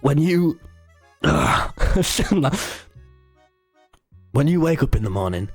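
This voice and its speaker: A man's voice: fairly high pitch, big pitch swings, slow, faint music behind, full character voice. A young man voicing a very drunk, brash American man who leans in close to lecture. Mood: lecturing. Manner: slurred, pushy, leaning in close.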